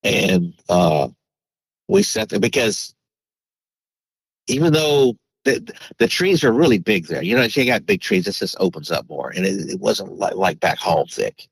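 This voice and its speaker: A man's voice: low voice, sing-song, measured pace, gravelly, breathy edge, no echo, low-quality recording. A man, a podcast guest, telling a personal story in a rambling casual way, with many restarts and fillers.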